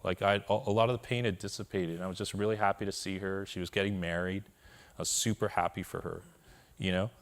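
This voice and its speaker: A Korean man gives a keynote talk, sharing his personal story with a live audience through candid, self-deprecating humor and frequent check-ins with listeners. His voice is deep, his intonation fairly even, and he talks fast.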